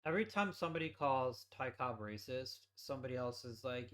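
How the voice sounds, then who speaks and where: A man's voice: mid-range voice, animated, brisk, hardly any pauses, a bit bright. A man hosting a let's play, giving casual gameplay commentary as he thinks aloud and swears offhandedly.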